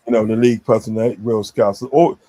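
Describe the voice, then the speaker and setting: A man's voice: fairly low pitch, fairly even intonation, fairly quick, dark tone. A man chatting casually on a stream, rambling with many fillers and repeated phrases. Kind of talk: casual chat.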